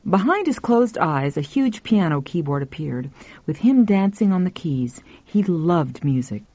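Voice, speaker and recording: A woman narrating a short story in a measured, expressive reading. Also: fairly low pitch, no echo. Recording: dull dry recording with faint music.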